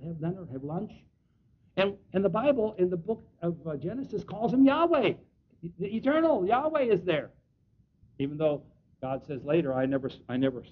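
A man preaching a Bible teaching sermon. He reads scripture slowly, leans on key words and often restarts his sentences. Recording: dull lo-fi recording with faint rumble.

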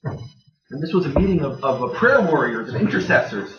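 A man's voice: a little high, very animated, moderate pace. Man teaching scripture in an echoey room. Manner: plain-spoken with dry jokes. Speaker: Bible teacher speaking to a gathering. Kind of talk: conversational Bible teaching. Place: room with a live audience. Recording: dull, echoey room recording from far off.

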